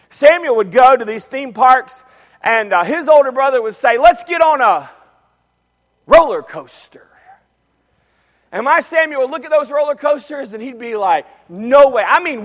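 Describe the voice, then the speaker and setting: A man with a strikingly high voice preaches a sermon to his church, telling a story and swinging between loud bursts and near-whispers. He is a pastor, and his voice rings out with the long reverb of a large hall.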